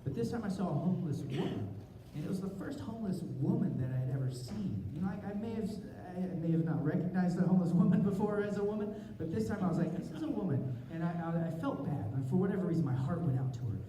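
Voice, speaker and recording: A man telling a comic story at a convention panel, animated and self-mocking, acting out his own inner thoughts. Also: sits high, quick pace, hardly any pauses. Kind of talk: comic storytelling to a live audience. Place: large convention hall. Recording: roomy hall from far off, crowd noise. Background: audience laughter and murmur.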